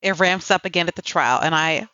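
A woman's voice: fairly low pitch, a little fast, sharp tone, no room sound, dull audio. A woman co-hosting a casual book chat, playful and full of slang, often chiming in with agreement. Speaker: podcast co-host.

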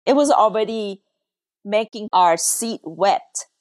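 A woman's voice: mid-range voice, animated, slow, no room sound, studio quality. A woman from Laos, earnestly telling her family's story as a podcast guest, her English grammar loose. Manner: earnest, emotional, non-native English grammar. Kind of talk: personal storytelling in an interview.

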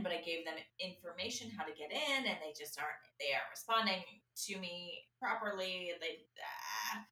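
A woman's voice: fairly low pitch, recorded from a distance. A woman telling a story in casual chat and acting out the people in it. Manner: animated storyteller, acts out quoted people. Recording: echoey room, a bit off-mic.

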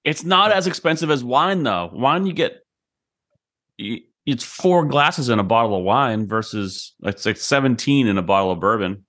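A man's voice: mid-range voice, animated, normal speed, fairly bright tone. A man co-hosting a podcast, making short, easygoing remarks in casual chat. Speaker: podcast co-host.

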